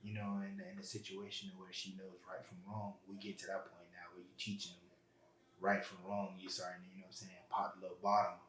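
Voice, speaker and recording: A man's voice: low-pitched, monotone, brisk, fairly bright tone, slight background noise. A man as a guest on a podcast, talking earnestly and from the heart in a casual interview chat. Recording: roomy, echoey room.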